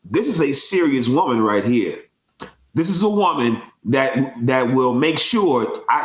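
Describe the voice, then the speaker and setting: A man's voice: mid-range voice, animated, normal speed, fairly bright tone, reverberant, dull audio. A man speaking as a guest in a casual panel discussion, conversational and full of fillers.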